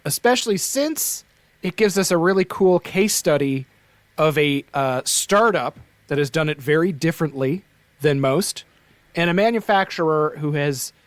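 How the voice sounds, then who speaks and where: A man's voice: on the high side, moderate pace, dry recording. Chatty Atlantic Canadian man, dry close mic. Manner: animated, rambling, fond of "like" and "right?". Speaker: podcast co-host. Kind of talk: casual chat.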